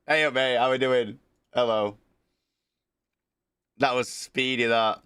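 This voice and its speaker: A man with a bright, forceful voice and a cold that is getting worse. He chats casually from home, greeting viewers by name and swearing now and then. His voice sounds dry and close, with little room sound. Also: medium pitch, steady tone, slow pace, clear, resonant tone, no room sound. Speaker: streamer. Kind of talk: casual livestream chat.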